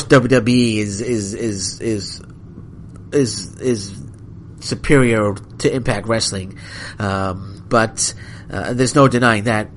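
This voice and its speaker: Male podcast host, mid-pitch, frustrated rant full of restarts and apologies, faint hiss behind. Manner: angry, rambling, apologetic, many restarts. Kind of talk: solo wrestling podcast rant.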